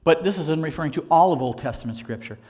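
A man's voice: on the high side, expressive, quick pace, darkish tone. A man preaching a sermon in an earnest, conversational way, asking his listeners rhetorical questions. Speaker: pastor.

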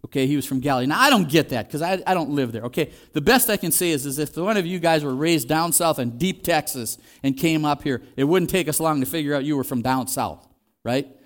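A man preaching a sermon in a conversational way, acting out the quoted voices as he goes. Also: medium pitch. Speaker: pastor.

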